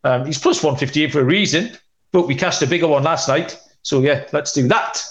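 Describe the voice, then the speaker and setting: A man's voice: on the high side, fairly quick. A man hosting a sports betting podcast, chatty and rambling with many ums, tossing in cheeky asides. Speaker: podcast host, betting analyst.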